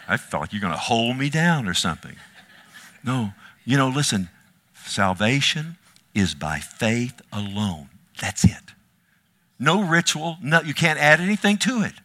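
Male pastor mid-sermon; bright, tense delivery, emphatic with rhetorical questions. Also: medium pitch, big pitch swings, unhurried. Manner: emphatic, swings from hushed to loud, rhetorical questions to the congregation.

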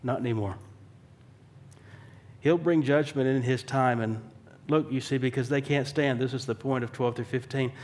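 A man's voice: medium pitch, steady tone, moderate pace, a little mellow. A man preaching a sermon in a conversational way, asking rhetorical questions and slipping in dry, wry humor. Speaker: pastor.

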